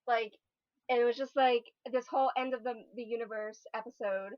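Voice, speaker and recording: A woman guest on a podcast with a slightly higher voice, rambling casually with lots of fillers. Her audio is dry and dull, like a lo-fi mic. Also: fairly even intonation, brisk, clean tone, dry recording. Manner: rambling, filler-heavy recounting. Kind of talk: casual chat.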